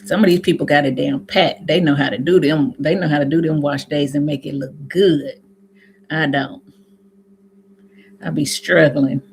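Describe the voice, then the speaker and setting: A middle-aged woman from Indiana hosts a natural hair livestream, chatting with viewers in a rambling, self-laughing way and using an Indiana accent with some Southern sayings. Her voice is low-pitched with a darkish tone, and the recording has a little hiss or hum.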